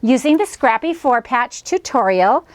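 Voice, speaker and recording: A woman's voice: fairly high pitch, expressive, a little slow. A middle-aged woman hosting a quilting tutorial, chatting cheerfully and folksily as she demonstrates each step. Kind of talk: friendly craft demonstration.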